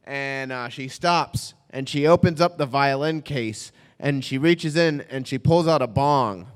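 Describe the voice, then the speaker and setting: A young man telling a comic story on stage, rambling and self-mocking with halting restarts. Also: mid-range voice, clean tone, big-room sound.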